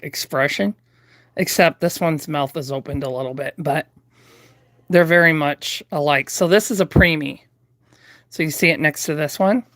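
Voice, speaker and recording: Slow, low-voiced chatty woman. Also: no room sound. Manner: rambling, chatty, full of fillers and restarts. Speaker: reborn doll artist streaming live. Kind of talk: casual live painting tutorial. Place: home craft room.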